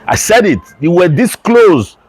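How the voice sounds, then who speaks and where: A man's voice: sits high, sing-song, measured pace, darkish tone, slightly rough, no room sound. A man giving a passionate, emphatic sports opinion vlog, repeating phrases for stress. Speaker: sports commentator.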